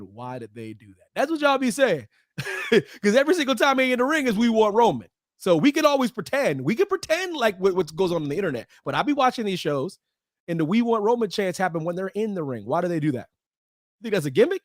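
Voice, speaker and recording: Wrestling show host, man, slightly high voice, dry close mic, animated delivery. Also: dry recording. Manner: animated, swings between loud and quiet. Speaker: podcast host. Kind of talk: casual wrestling podcast chat.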